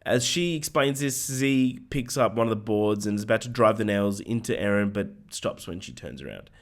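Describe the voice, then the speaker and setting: Hoarse man recapping a film plot. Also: lowish voice, animated, moderate pace. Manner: recaps plot with frequent ums and swearing asides. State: hoarse, voice going. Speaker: podcast co-host recapping a film. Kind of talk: casual chat, plot recap.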